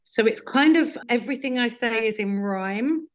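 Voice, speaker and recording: A woman who acts and sings appears as a guest on a casual radio interview, lively and quick to laugh as she chats. Her voice is a little high.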